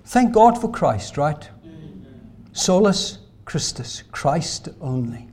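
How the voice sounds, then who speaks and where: High pitched guy preaching, lots of "right?" questions, loud then quiet. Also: very animated, takes it slowly, slight background noise. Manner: emphatic preaching, rhetorical questions, swings between loud and soft. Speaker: pastor. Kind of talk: sermon.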